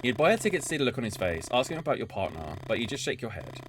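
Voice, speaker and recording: Rapid-fire and very animated, a medium-pitched man streams a story game, reading its narration evenly and cutting away for casual, profane commentary on the action. Game music and background noise sit behind his voice.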